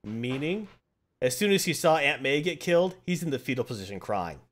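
A man's voice: medium pitch, big pitch swings, brisk, a bit bright. A man hosting a casual chat, retelling a comic plot and acting out the quotes as he goes. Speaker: podcast host.

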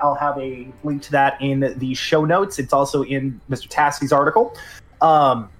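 A man's voice: a little high, a bit bright. Rambling male gaming podcast host. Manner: rambling, filler-heavy. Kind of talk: casual gaming news chat.

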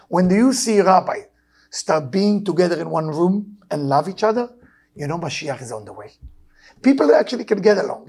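Gravelly, husky-voiced man preaching. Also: sits high. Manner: animated storytelling, broken English grammar. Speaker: Torah teacher. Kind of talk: weekly Torah class talk.

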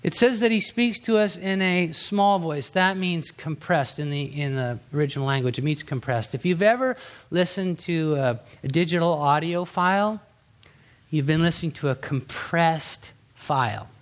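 A middle-aged man with a high-pitched voice delivers a sermon as a pastor. He preaches in an easy, conversational way, acting out quotes with sudden rises and hushed drops. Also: expressive, normal speed.

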